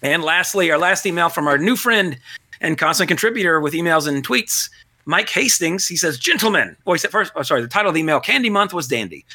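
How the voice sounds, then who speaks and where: Bright, rambling male podcast host. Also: on the high side, animated, fast, no room sound, clean studio sound. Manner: rambling, self-deprecating, joking. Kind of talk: casual chat.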